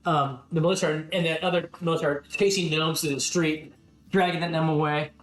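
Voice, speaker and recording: A man's voice: on the high side, fairly even intonation, a little fast, fairly bright tone, echoey room. A man narrating as game master of a tabletop game, hesitant, with many ums and restarts.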